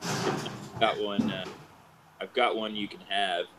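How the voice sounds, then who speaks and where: Low-voiced, laid-back player. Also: male voice, little pitch movement, takes it slowly, very noisy. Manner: laid-back, plotting, hesitant. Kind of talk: casual tabletop role-play.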